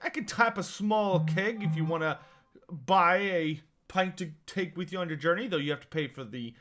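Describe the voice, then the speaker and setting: A man's voice: sits high, normal speed, a bit bright. A man voicing a tired, shady male fish merchant who talks in a drawling, amused patter. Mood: sly.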